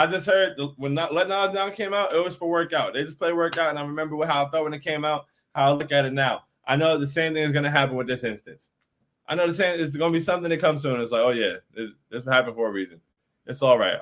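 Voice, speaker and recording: Hyped high-voiced male fan host. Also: fast. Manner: hyped, loud and emphatic, repeating lines. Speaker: fan show host reading chat. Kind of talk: postgame fan livestream chat.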